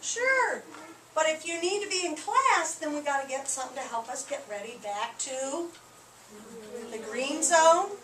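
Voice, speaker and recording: Animated teacher woman in an echoey hall. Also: high voice, unhurried, slight background noise. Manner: animated, acting out feelings for the class. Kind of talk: classroom lesson to young children. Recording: echoey room recorded from a distance.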